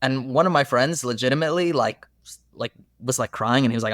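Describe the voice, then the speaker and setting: A man's voice: mid-range voice, fast talker, no room sound. Young male therapist, casual podcast guest, eager storyteller, dry close-miked sound. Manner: earnest, animated storytelling with many fillers.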